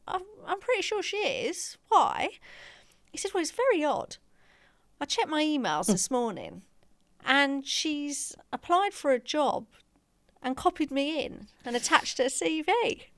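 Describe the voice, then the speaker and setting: A woman's voice: high-pitched, no room sound, studio quality. A woman podcast co-host and practice manager, telling a story in casual chat and acting out the quoted dialogue with laughter.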